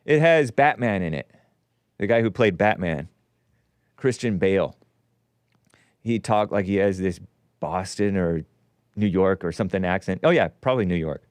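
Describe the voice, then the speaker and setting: A man in his forties hosting a call-in show, giving rambling, sarcastic, animated political commentary. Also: low voice, normal speed, long pauses, no echo, clean studio sound. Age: 40s.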